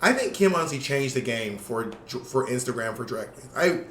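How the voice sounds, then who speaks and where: Animated man in an echoey room. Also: mid-range voice, slight background noise. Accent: New York. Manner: animated, laughs often, quick asides. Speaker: podcast co-host. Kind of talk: casual chat. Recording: echoey room with faint ambience.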